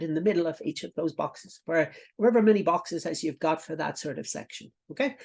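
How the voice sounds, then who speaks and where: A man's voice: high-pitched, a little mellow. A middle-aged man walks viewers through a coaching lesson. He talks in a chatty, instructive way, piling up repetitions, fillers and asides. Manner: instructive, repeats himself, many fillers and asides. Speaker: business coach.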